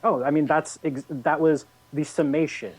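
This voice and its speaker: A man's voice: a little high, steady tone, moderate pace, slightly rough, low-quality recording. A man co-hosting a podcast in casual chat, blunt and frank, swearing offhandedly. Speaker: podcast co-host.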